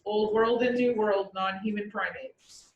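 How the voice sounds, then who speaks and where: A woman chatting casually and explaining animal behavior, acting out the animals' thoughts in lively asides. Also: medium pitch, unhurried, highs cut off. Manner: lively, acts out animals' inner voices. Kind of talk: casual chat. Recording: roomy echo, far from the mic, faint background noise.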